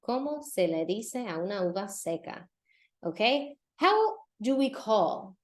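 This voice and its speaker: Woman, language teacher, podcast lesson, lively, repeats words slowly. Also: mid-range voice. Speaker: Spanish teacher and podcast host.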